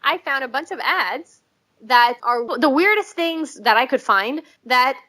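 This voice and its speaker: Fast-talking young woman in casual chat. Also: high voice, expressive, bright, forceful tone. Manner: swears freely, laughs often, rambling and quick. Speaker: podcast co-host.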